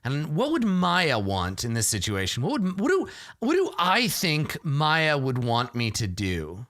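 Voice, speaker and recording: A man's voice: on the high side, measured pace, dry recording, studio quality. A man thinking aloud and poking fun at his own bad rolls while he plays a solo tabletop game. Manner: animated, self-deprecating, thinks aloud.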